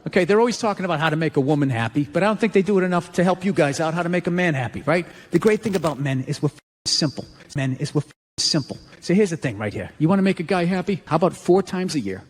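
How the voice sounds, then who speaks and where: Brief: American stand-up man, slightly high, blunt, profane. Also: lively intonation, fast, a little hiss or hum. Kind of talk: stand-up comedy.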